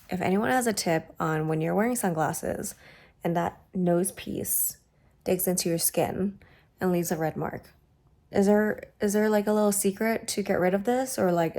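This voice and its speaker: A woman's voice: medium pitch, gravelly, a little mellow. Bubbly chatty woman vlogging. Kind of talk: casual vlog chat.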